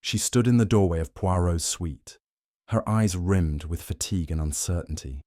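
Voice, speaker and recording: A man reading a mystery audiobook as first-person narration in a measured, even way. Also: low-pitched, no echo, clean studio sound.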